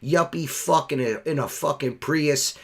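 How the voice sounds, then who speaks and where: A man's voice: a little high, moderate pace, gravelly, fairly bright tone, slightly rough. A middle-aged man who cleans windows, telling a heated, profane story in casual chat on a podcast.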